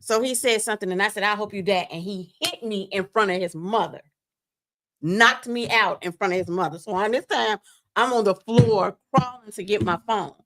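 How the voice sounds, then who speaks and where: A woman telling a painful personal story on a live stream, animated and speaking straight to her listeners. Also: mid-range voice, normal speed. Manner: animated, acts out quoted voices, addresses listeners as "you all". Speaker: guest sharing a testimony. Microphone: remote stream mic.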